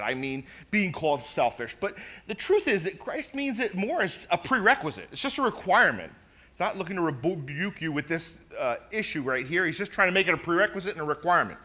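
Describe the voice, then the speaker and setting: A man preaching a sermon, telling stories with lively emphasis and often repeating his words as he goes. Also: on the high side. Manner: animated storytelling, repeats words, acts out quoted voices. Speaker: pastor.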